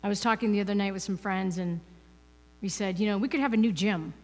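A woman's voice: medium pitch, quick pace, a little mellow. A woman giving a conversational, playful spiritual talk as a guest speaker, asking the audience rhetorical questions. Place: church hall. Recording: reverberant hall.

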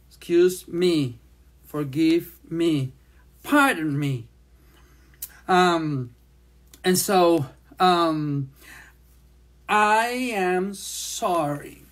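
Slow-paced sign language teacher. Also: mid-range voice. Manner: speaks slowly, repeats phrases while demonstrating signs. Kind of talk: slow classroom lesson.

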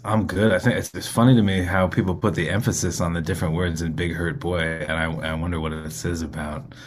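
A man's voice: sits low, steady tone, fairly quick, a little hiss or hum. A singer-songwriter man speaking as a radio interview guest, rambling and self-questioning, laughing easily.

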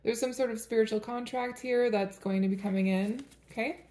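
A woman's voice: on the high side, fairly even intonation, a little fast, mellow, reverberant. A woman giving a tarot reading to camera in a casual, rambling way, chatting and laughing between the cards. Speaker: tarot reader.

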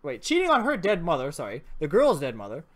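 A woman's voice: low-pitched, wildly swooping pitch, quick pace. A woman giving casual, playful commentary while playing a horror adventure game. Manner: playful, jokey, giggly asides. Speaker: let's play gamer.

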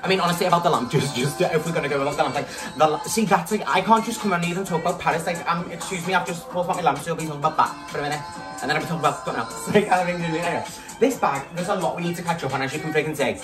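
A man's voice: a little high, racing. Tipsy man rambling over music. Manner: rambling, gossipy, swears a lot. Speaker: vlogger. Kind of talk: casual chatty vlog. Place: his bedroom at home. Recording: distant mic with loud background music. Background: music playing.

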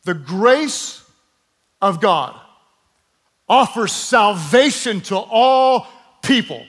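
High-voiced emphatic pastor, slow delivery. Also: male voice, animated, a bit bright. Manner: emphatic, draws the congregation to speak along. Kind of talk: sermon.

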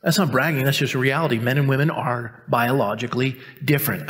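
A man delivers a sermon from the pulpit, his mid-range voice trailing off into the long reverb of a church hall. He swings between self-mocking jokes and low, intense warnings. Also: a little fast, hardly any pauses. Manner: joking, self-mocking asides between earnest teaching; drops to a quiet, low, intense tone for stern points. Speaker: pastor. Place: church sanctuary.

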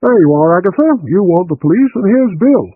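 A man's voice: high voice, very animated, brisk, no echo, pitched above the performer's own voice. A man reading an audiobook, voicing an earnest middle-aged male writer who asks things eagerly and anxiously. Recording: tinny phone-like line.

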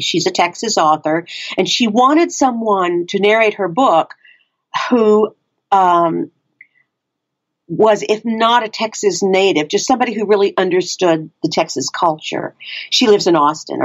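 Woman narrator chatting about her work, laughs a lot, middle pitch, kinda dull muffled audio. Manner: chatty, laughs easily, self-deprecating. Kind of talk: casual interview answers.

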